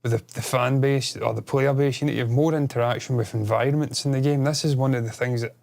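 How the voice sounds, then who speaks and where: A man co-hosting a casual podcast, excitable and rambling, swearing freely. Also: medium pitch, fast talker, gravelly. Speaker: podcast co-host.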